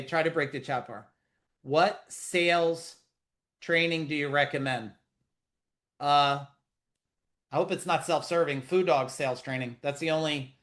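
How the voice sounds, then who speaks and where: A middle-aged man with a fairly high voice runs a live webinar for business owners over a video call. He talks in a loose, animated way, blunt and profane, cracking jokes as he goes. He speaks straight to his audience in a casual coaching manner.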